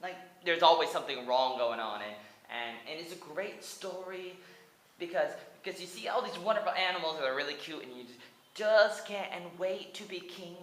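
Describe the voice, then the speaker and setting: Twenty-something american, rambly comic retelling, keeps restarting, sharp bright tone. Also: mid-range voice, normal speed, echoey room, rough recording. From United States. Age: 20s. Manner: rambling, stammering restarts, many likes, breaks into song.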